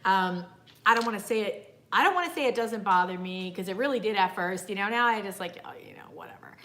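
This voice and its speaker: A woman's voice: mid-range voice, animated, quick pace, fairly bright tone. A woman hosting a casual beauty livestream, greeting viewers by name and speaking in an earnest, frustrated way. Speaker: beauty YouTuber livestream host.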